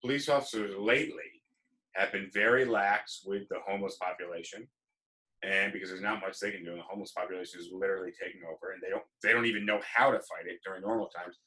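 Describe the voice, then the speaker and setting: A man hosting a casual live chat, telling an animated story with plenty of swearing. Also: deep voice, fast talker, low-quality recording. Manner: animated storyteller, swearing, acting out both sides. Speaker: host.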